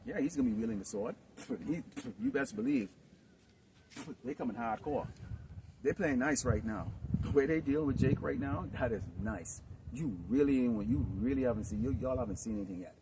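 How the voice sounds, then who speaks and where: A man preaching in a rambling, improvised sermon, filling his talk with "okay?" and "you know" and swinging into loud outbursts. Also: mid-range voice, normal speed. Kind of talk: improvised street-camp sermon. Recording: distant mic with noisy background.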